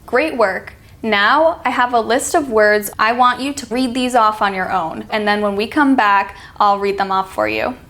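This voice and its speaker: A woman with an American accent teaching an online pronunciation lesson, reading example words slowly and deliberately. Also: mid-range voice, a bit bright.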